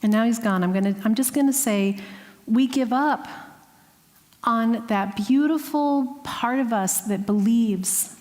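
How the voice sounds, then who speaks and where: A woman's voice: fairly high pitch, a little slow. Heartfelt woman preaching in a reverberant hall. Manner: earnest, heartfelt, drops to a hushed voice at moments. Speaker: guest speaker. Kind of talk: sermon with personal story. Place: spiritual center sanctuary.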